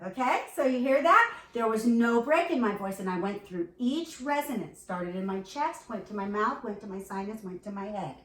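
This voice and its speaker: A woman's voice: on the high side, expressive, normal speed, few pauses, a bit bright, slight background noise. A woman vocal coach teaching a beginner singing lesson, encouraging and demonstrating sounds, with faint keyboard behind her. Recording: echoey room, recorded from a distance.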